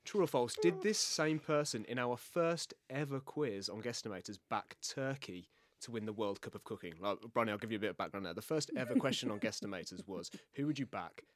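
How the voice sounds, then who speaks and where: A man's voice: medium pitch, a little fast, few pauses, no room sound. A man hosting a podcast quiz in a casual, laughing way. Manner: laughs through, stumbles cheerfully. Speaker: quiz host.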